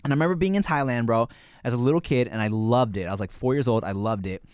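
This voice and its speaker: A man's voice: medium pitch, quick pace, clear, resonant tone, dry recording, studio quality. A man co-hosting a podcast, telling stories in casual chat with lots of laughs. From United States. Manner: animated storytelling, swearing, laughing often. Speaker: podcast co-host.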